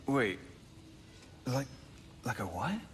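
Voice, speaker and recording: Chill jokey leader, slow, pitch jumping all over. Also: male voice, big-room sound, a little hiss or hum. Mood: excited. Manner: laid-back, joking, animated. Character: easygoing, fun-loving male leader, jokey. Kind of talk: video game cutscene acting.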